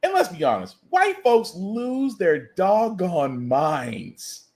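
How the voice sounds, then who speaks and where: A man's voice: high-pitched, wildly swooping pitch, slow pace, darkish tone. A man hosting a podcast, delivering a satirical news commentary monologue with incredulous, ranting comic asides. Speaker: podcast host. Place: lives in the US South.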